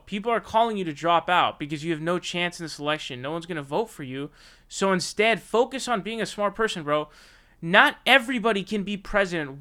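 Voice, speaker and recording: A man's voice: fairly high pitch, bright, forceful tone, smooth. A young man hosting political commentary, ranting bluntly and profanely in slangy talk aimed straight at his target.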